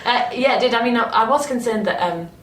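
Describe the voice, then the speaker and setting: A Northern English woman, an actress being interviewed, who talks with animated enthusiasm and often restarts her sentences. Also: fairly high pitch, fast, a loud crowd. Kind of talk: casual interview chat. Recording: roomy, distant mic with faint noise.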